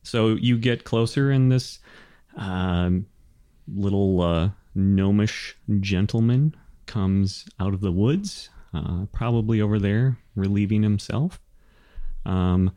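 A man narrating as game master of a tabletop game, halting and full of fillers. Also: fairly low pitch, warm tone, dry recording, studio quality.

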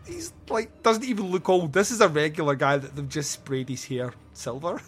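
A man's voice: fairly high pitch, normal speed, fairly bright tone, slightly rough, faint music behind. Laughing male podcast host. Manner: laughs often, acts out lines in silly voices. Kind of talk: casual film review chat.

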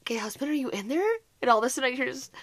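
Bright animated woman telling a story. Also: high voice, racing, no room sound. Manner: animated, swearing, laughing while retelling. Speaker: podcast co-host. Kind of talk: casual storytelling chat.

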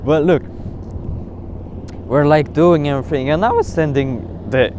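A man's voice: a little high, a little slow. A young man podcasting on his phone outdoors, ranting and swearing in a casual monologue full of fillers. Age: young adult. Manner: ranting, profane, many fillers. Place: outdoors near water. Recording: outdoor phone recording with clear background noise.

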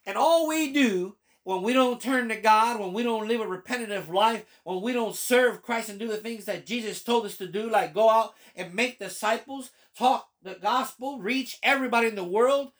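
A man's voice: high voice, normal speed, hardly any pauses, a bit bright. A man preaching his testimony as a pastor, his delivery fervent and emphatic. He leans hard on key phrases and repeats them for weight while working through a passage of scripture. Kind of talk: personal testimony sermon reading scripture.

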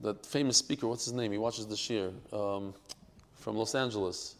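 A man teaching a Talmud class, swinging from quiet asides to loud, emphatic outbursts. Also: lowish voice, fairly even intonation, normal speed, in a large hall, slight background noise. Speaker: Torah teacher.

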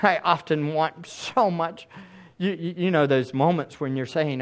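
A man's voice: on the high side, measured pace. A man in middle age, a pastor preaching a sermon in an earnest, emphatic way with pleading asides.

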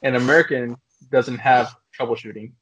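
A man's voice: mid-range voice, fairly even intonation, normal speed, a bit bright, husky. A man hosting a casual podcast, telling jokes and moving the show to the next segment. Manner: leads segments, tells jokes. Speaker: podcast host. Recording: dull lo-fi sound.

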